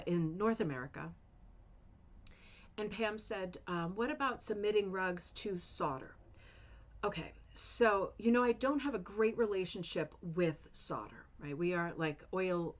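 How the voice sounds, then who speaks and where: A woman hosting a casual craft chat, gushing and rambling with many fillers as she shows a rug to viewers at home. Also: lowish voice. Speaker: rug hooking channel host.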